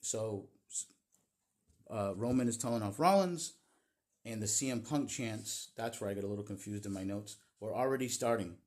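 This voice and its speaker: A man with a somewhat low-pitched voice talks through a wrestling show in a casual vlog recap. He tells it as a running story and freely gives his opinions along the way. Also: normal speed, darkish tone. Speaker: wrestling vlogger.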